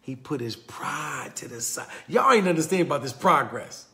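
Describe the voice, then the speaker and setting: A man with a Southern US accent giving a passionate motivational talk, retelling a story in a preachy way that swings from loud to hushed. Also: mid-range voice, lively intonation, moderate pace. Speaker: motivational speaker.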